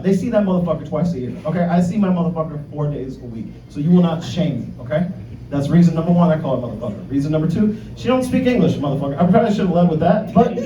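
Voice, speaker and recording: A man's voice: on the high side, highs cut off. A man from Miami doing a stand-up comedy set, brash and profane, teasing the crowd. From Miami, United States. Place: comedy club. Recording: echoey club, distant mic, crowd. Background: laughing crowd.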